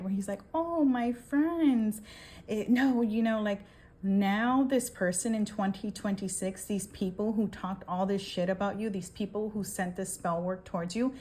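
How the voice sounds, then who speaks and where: A woman giving a casual tarot reading, talking emphatically, swearing and often checking in with "okay?". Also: medium pitch. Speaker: tarot reader.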